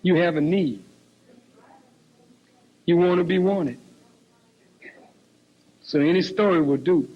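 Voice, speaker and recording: An older man preaching a sermon, swinging from low murmurs to high shouts. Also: takes it slowly, long pauses. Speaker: minister. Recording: dull lo-fi recording.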